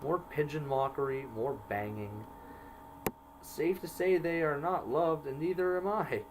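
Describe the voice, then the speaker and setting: A man slowly reading entries from his own jail journal aloud, marking each quoted line by saying quote and end quote. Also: a little high, noisy background.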